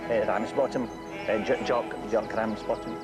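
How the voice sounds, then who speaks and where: A man's voice: on the low side, steady tone, moderate pace, over loud music, lightly acted. Actor as a bumbling, hesitant salesman for a comic TV car spot. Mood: flustered. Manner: hesitant, stammering. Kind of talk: 1990s TV ad acting.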